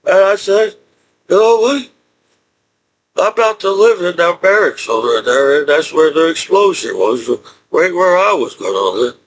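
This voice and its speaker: A middle-aged man with a notably high speaking voice delivers a loose, rambling personal monologue. He chuckles often between thoughts and circles back to the same points again and again. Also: very animated, normal speed, low-quality recording. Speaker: military veteran vlogger.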